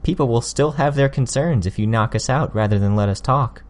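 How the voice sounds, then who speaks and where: A man reading an audiobook, voicing a sly, smug young woman who needles her opponents with quick, pointed jabs. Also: mid-range voice, pitched above the performer's own voice, close to an everyday voice. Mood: taunting.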